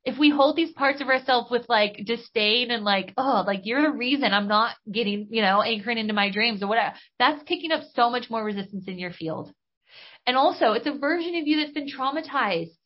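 A woman's voice: a little high, expressive, moderate pace. Bubbly woman podcast host, lo-fi sound. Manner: bubbly, enthusiastic, casual with mild slang. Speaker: podcast host and business coach. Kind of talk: spiritual coaching monologue. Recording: dull lo-fi recording.

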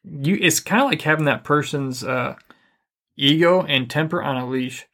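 A middle-aged man co-hosting a podcast, giving relationship advice in a calm, even, deliberately unhurried way. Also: fairly high pitch. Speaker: podcast co-host. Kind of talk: casual advice chat.

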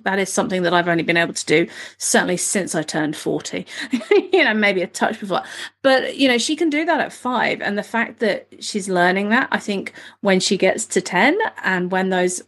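A woman's voice: mid-range voice, moderate pace, a bit bright. Earnest rambling woman in her forties. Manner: rambling, earnest, swears casually. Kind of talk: casual conversation.

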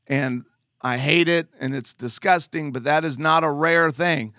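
A man's voice: a little high, a little slow, sharp tone, no echo, studio quality. A man earnestly telling a personal testimony as a father, conversational with emphatic asides.

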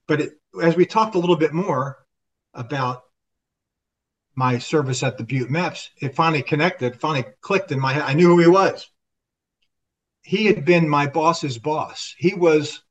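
A man's voice: fairly high pitch, recorded from a distance, low-quality recording. An older man, a retired army officer guest on a podcast, telling a story in conversation and acting out the dialogue with frequent restarts.

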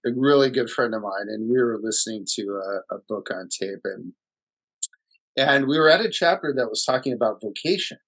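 A man co-hosting a casual podcast, speaking reflectively and haltingly with restarts, recorded in a hall. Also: on the low side, animated, a bit bright. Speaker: podcast co-host.

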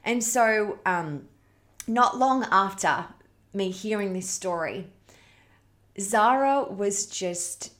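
A woman's voice: mid-range voice, lively intonation, slow pace, long pauses, fairly bright tone. A woman hosting a parenting challenge, telling a story to her online audience in an earnest, heartfelt, conversational way.

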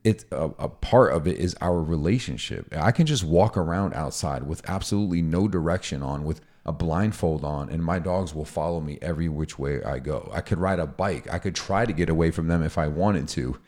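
A man co-hosting a casual podcast, explaining dog training in an energetic, chatty way. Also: very deep voice, fairly quick, hardly any pauses. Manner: energetic, explanatory, acts out dialogue.

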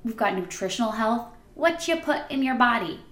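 A woman hosting a podcast, introducing the first episode in a bubbly, excited, emphatic monologue with a high, squeaky voice. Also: normal speed, echoey room. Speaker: podcast host.

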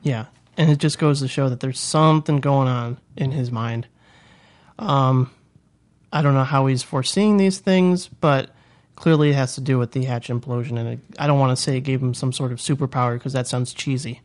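A man's voice: mid-range voice, fairly even intonation, normal speed. Enthusiastic, jokey podcast co-host man. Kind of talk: casual chat.

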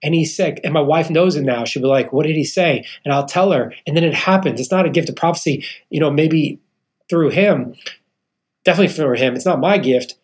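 On the high side and brisk, this man's voice belongs to a real estate founder in his thirties guesting on a podcast. He earnestly relates a personal testimony, bringing the people in it to life and calling the host "man."

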